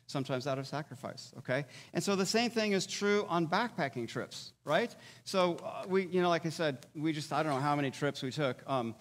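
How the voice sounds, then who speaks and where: A man's voice: on the high side, animated, a little fast, hardly any pauses. A man giving a conversational sermon as a pastor, often checking in with his listeners. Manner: conversational, checks in with "all right?" and "okay?". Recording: long hall reverb.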